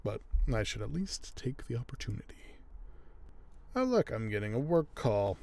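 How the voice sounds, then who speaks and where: A man's voice: medium pitch, sing-song, normal speed, vocal fry, darkish tone. A tired man who narrates audiobooks, talking to himself as he edits one, often drifting into whispers. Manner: muttering thoughts aloud, drifting into whispers. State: tired, yawning. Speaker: audiobook narrator editing his recording. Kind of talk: casual talk-along while editing.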